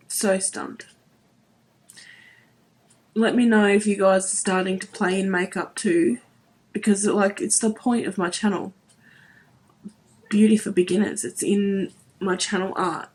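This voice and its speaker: A woman's voice: medium pitch, steady tone, slow, pauses often, a little mellow, slightly rough. Woman, thirties, home beauty vlogger, choked-up and heartfelt, repeats herself. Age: 30s. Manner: emotional, voice wavering near tears; earnest, repeats herself, many "like"s. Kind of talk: emotional vlog to camera.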